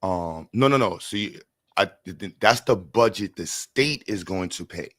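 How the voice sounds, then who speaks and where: Energetic New livestream host. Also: male voice, low-pitched, a little slow, no echo. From New York. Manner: energetic, repeats words, slangy, shouts out chat. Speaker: livestream host raising funds for a school. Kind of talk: casual livestream chat.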